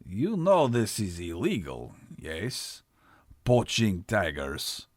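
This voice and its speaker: A man voicing a stern, curt Russian guide with a thick Russian accent who speaks slowly in few words. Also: lowish voice, wildly swooping pitch, dry recording, studio quality, heavily acted.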